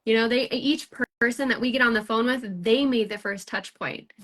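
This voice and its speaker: Bright, upbeat woman hosting a sales chat. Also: a little high, normal speed. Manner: upbeat and rambling, full of fillers and restarts. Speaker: sales team lead hosting a recruiting chat. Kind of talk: casual recruiting chat.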